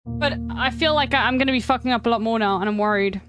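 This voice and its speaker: A woman's voice: on the high side, quick pace, music in the background. A young woman streaming a game live, talking casually and chattily, swearing and poking fun at herself. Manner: chatty, swears, self-deprecating. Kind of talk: casual gaming commentary.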